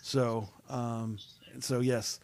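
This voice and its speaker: A man hosting a casual web show, chatting over a remote call. His voice sits at a middle pitch, and he talks in a halting way, full of "uh" and restarts. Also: level tone, darkish tone. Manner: halting, many fillers and restarts. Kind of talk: casual chat.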